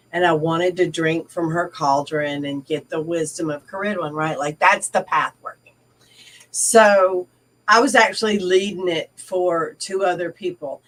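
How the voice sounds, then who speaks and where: Middle-aged woman chatting on a call, lowish voice, sounds a bit far off from the mic. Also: a little hiss or hum. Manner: chatty, animated storyteller. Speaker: co-host. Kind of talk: casual discussion on a video call. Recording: distant from the mic.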